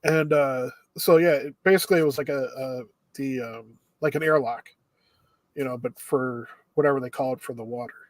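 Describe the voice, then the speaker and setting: A man's voice: medium pitch, fairly even intonation, normal speed, dry recording. A young man co-hosting an anime review chat, steadily summarizing plot with occasional ums and uhs. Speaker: anime review podcast co-host. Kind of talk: casual chat.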